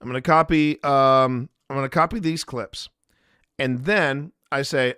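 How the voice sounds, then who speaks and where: Talking straight to the chat, this live stream host, who investigates the paranormal, walks through his editing process in a jokey, wandering manner. He speaks at medium pitch and a moderate pace, his tone pushed and bright, on a dry, clean studio recording.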